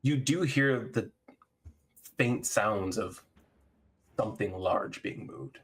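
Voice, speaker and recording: A man's voice: fairly low pitch, slow pace, husky, faint music behind. A man narrating as game master, easygoing and full of ums as he describes the scene. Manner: relaxed, hesitant, many ums.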